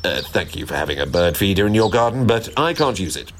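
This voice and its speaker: A man's voice: low voice, sing-song, fast talker, slight background noise. A man voicing a polite, slightly nervous robin in a children's storybook.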